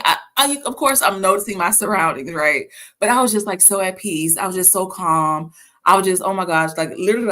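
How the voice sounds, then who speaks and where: A woman from the American South hosting a casual faith talk, telling stories in an animated way with frequent restarts. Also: on the low side. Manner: animated storytelling with laughs and restarts. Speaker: host.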